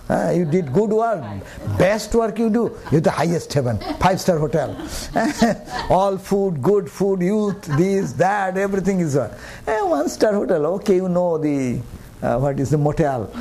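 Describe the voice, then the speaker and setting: A man's voice: high voice, dark tone, slight background noise. An older man giving a humorous spiritual discourse, often chuckling and asking rhetorical questions. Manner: rhetorical, chuckling, asks "huh?" and "is it not?". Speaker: spiritual teacher.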